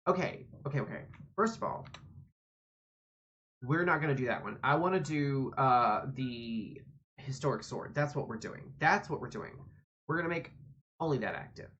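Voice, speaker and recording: Sassy, low-voiced woman streamer. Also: lively intonation, moderate pace, pauses often, a bit bright, lo-fi sound. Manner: rambling, sassy, swears a lot. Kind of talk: casual gameplay commentary.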